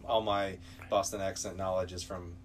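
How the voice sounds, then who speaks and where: A man with a low voice hosts a relaxed podcast interview. He talks casually, jumping in with quick reactions and follow-up questions. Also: slight background noise. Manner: friendly, reactive, short backchannels. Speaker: podcast host.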